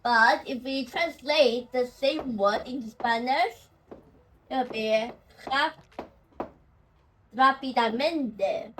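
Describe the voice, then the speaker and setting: A woman teaching language pronunciation, who talks slowly and says example words over and over. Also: a little high, a bit bright, distant mic, slight background noise, low-quality recording. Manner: slow and repetitive, saying example words over and over. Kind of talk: explaining pronunciation.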